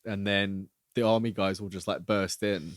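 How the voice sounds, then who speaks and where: A man co-hosting a podcast, chatting casually about a film, relaxed and often agreeing with his co-host. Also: on the low side, normal speed, no echo, studio quality. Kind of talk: casual film recap chat.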